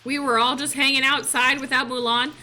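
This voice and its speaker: A woman giving casual, chatty game commentary with excitable, gushing reactions. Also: sits high, brisk, a little hiss or hum. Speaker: gaming YouTuber.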